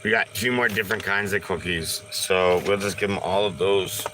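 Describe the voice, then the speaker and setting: A man casually chatting on a live stream, slow and easygoing, sometimes cooing to his dog. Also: sits low, fairly even intonation, noisy background.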